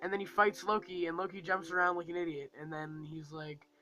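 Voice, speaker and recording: A man's voice: high voice, little pitch movement, a little fast, bright, forceful tone, faint music behind, rough recording. A man giving a casual, rambling movie review, full of fillers and acting out lines from the film.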